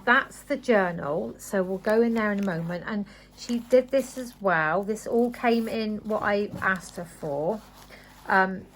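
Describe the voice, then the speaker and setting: A woman talks her viewers through a parcel of craft goodies. Her chat is casual and full of excited gushing. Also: mid-range voice, a little hiss or hum. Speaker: craft vlogger.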